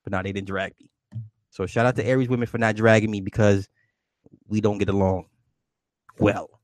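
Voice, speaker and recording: A man hosting a livestream, answering viewers' questions in a loose, profane, rambling way and jumping up in pitch when he greets people. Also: little pitch movement, normal speed, pauses often, no echo. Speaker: livestream host reading chat. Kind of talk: casual livestream chat.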